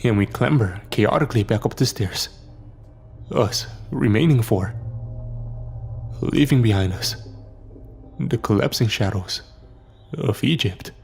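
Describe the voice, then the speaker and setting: A man narrating a scripted horror story in a dramatic, measured way. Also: mid-range voice, creaky, a little hiss or hum. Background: soft background music.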